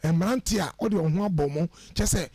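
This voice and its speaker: A man speaking as a guest on a radio show, giving lively, preachy advice on how to order your life and mixing English phrases into his speech. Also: sits high, moderate pace, breathy edge, no room sound. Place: radio studio.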